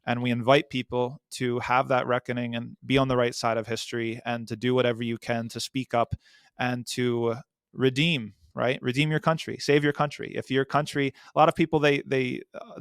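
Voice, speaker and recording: A man speaking as a podcast guest, answering in an earnest, measured way with some fillers. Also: medium pitch, flat delivery, clear, resonant tone, dry recording, studio quality.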